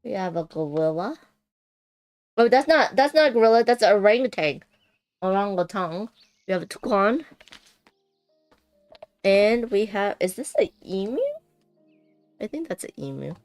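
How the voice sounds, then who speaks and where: Animated, giggly woman unboxing a game. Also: mid-range voice, moderate pace, pauses often, dry recording, faint music behind. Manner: chatty, giggly, thinks aloud. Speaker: board game streamer. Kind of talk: casual unboxing chat.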